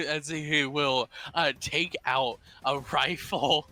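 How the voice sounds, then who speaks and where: A man playing a tabletop role-playing game, narrating his character's actions in drawn-out, halting lines. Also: on the high side, fairly even intonation, sharp tone, dry recording. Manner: drawn-out narration with laughs and restarts. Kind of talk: improvised role-play narration.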